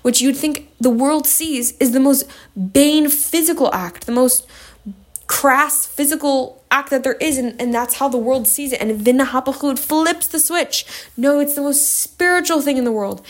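Passionate woman teaching with gravelly fry. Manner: passionate, emphatic, with sudden high bursts. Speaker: Torah class teacher. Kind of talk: spoken Torah lesson.

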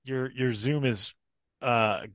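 A man's voice: mid-range voice, takes it slowly, fairly bright tone, no room sound, studio quality. A man co-hosting a podcast in casual, easygoing chat with many fillers. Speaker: podcast co-host.

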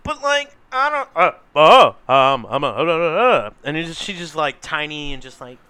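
Lively, bright young man, playful and teasing. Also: fairly high pitch, moderate pace, clean tone, dry recording. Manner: playful, teasing, hesitant with fillers. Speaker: podcast co-host. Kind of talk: casual chat.

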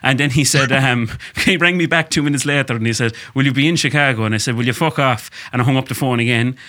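A man's voice: mid-range voice, fast talker, pushed and bright. Sweary Irish man hosting a podcast. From Ireland. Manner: sweary, laughing storyteller. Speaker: podcast co-host. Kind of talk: casual podcast chat.

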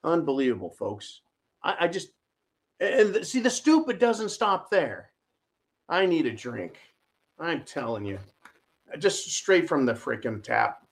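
Male host, fairly high voice, mocking and combative, ranting political commentary. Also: big pitch swings, unhurried, gravelly, long pauses. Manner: sarcastic, mocking, shouty rants with audience asides.

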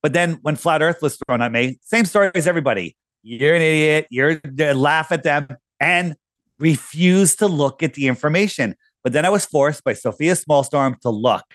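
A man's voice: on the high side, normal speed, a bit bright, dry recording. Storytelling man, dry close sound. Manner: storytelling, acts out quoted voices. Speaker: podcast guest. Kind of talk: casual conversation.

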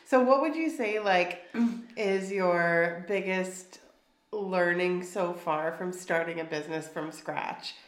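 A woman's voice: lowish voice, takes it slowly. A woman co-hosting a casual podcast, stuffy and nasal from a cold, bubbly and chatty with lots of restarts. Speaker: podcast co-host. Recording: echoey room.

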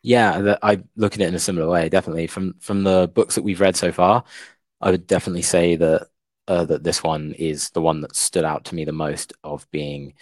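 Deep-voiced man, thoughtful. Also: flat delivery, fairly quick, no echo. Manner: thoughtful, hesitant with fillers. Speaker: podcast co-host, English teacher. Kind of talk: casual book-discussion chat.

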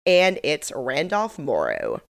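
A woman's voice: low-pitched, huge pitch swings, slow pace, creaky. A woman co-hosting a podcast, chatting casually with joking asides. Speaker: podcast co-host. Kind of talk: casual recap chat.

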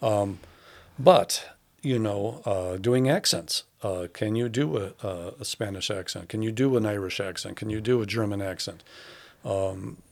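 A man's voice: on the low side, measured pace, gravelly. A man who directs a theatre, talking thoughtfully in a casual interview, with many fillers and restarts.

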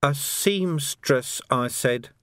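A man voicing a haughty, sharp-tongued woman who speaks in an icy tone. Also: a little high, very animated, measured pace, no echo, clean studio sound, voice pushed up.

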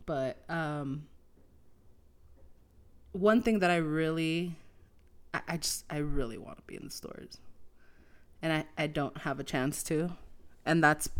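A woman hosting a podcast, chatting casually and candidly about running her business. She swears freely and laughs often. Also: deep voice. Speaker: podcast host and business owner. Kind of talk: casual chat.

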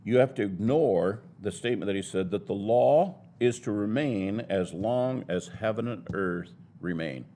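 A man's voice: lowish voice, a little slow, few pauses, mellow. A man teaching a Bible lesson in a sermon style, building his points in an emphatic, argumentative way.

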